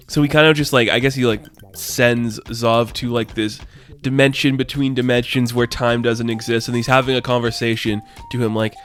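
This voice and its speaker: A man talks through a comic review in a loose, rambling way, his voice at a middle pitch. He hurries along with plenty of excitement and keeps slipping into quick impressions of the characters. Faint music plays underneath. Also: clear, resonant tone. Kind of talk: casual spoken review.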